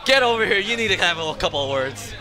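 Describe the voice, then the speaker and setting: A man co-commentating a live fighting game match with quick, excitable exclamations. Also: high-pitched.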